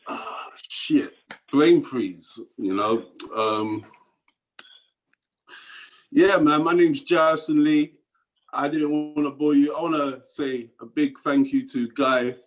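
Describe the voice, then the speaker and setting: A man's voice: medium pitch, fairly even intonation, takes it slowly, pauses often, low-quality recording. A man with a Cockney accent doing a rambling stand-up set over a video call, dropping into mumbled asides and chuckling at his own jokes. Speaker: stand-up comedian.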